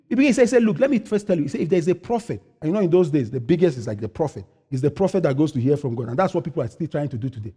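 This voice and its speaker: Man, pastor, high voice, sermon, loud preaching then quiet asides, asks and answers questions. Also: big pitch swings, fast talker, husky.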